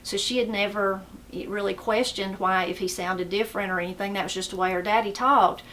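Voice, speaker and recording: A woman's voice: medium pitch, a little fast, a little hiss or hum. A middle-aged woman from the mountains of western North Carolina with an Appalachian accent, telling stories in a folksy, rambling way. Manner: folksy, rambling, animated when quoting. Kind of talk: casual storytelling.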